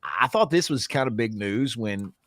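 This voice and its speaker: A man's voice: fairly low pitch, animated, moderate pace, a bit bright, no room sound. Rambling, profane middle-aged man. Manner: rambling, profane, stammering restarts. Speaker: podcast co-host. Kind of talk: casual political chat.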